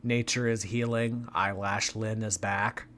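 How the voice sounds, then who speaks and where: A male commentary host speaks slowly and deliberately, dropping sarcastic, mocking remarks as he reacts to a vlog. A faint background hiss sits under his voice. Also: lowish voice, steady tone, a bit bright. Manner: dry, mocking asides.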